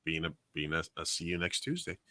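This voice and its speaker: Bright-voiced man telling a bar story. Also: low-pitched, a little fast. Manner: animated storyteller, acting out quoted voices, swears freely. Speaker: podcast co-host and karaoke host. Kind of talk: casual storytelling chat.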